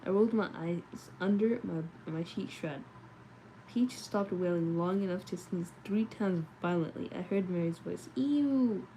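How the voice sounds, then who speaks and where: Woman, lowish voice, late-night read-aloud streamer, sleepy and chatty, faint hum behind. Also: steady tone, normal speed, mellow, low-quality recording. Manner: sleepy, chatty, answers chat comments.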